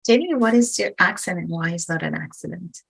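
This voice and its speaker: A woman hosting a podcast, introducing her guest and asking questions, reading her introductions slowly and carefully. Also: lowish voice, animated, vocal fry, fairly bright tone, husky, no echo, low-quality recording. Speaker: podcast host.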